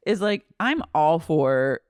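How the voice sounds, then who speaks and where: A woman co-hosting a podcast, chatting casually in an animated, gossipy way. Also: takes it slowly, clean tone, no echo, clean studio sound. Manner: animated, gossipy, swings pitch up and down. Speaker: podcast co-host. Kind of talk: casual gossip chat recapping a TV reunion.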